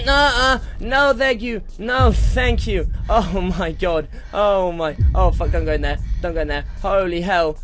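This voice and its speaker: A man's voice: high-pitched, background noise. Jumpy shrieking gamer man. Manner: jumpy, shrieks and swears when startled; mutters to himself between scares. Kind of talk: horror game commentary. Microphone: headset.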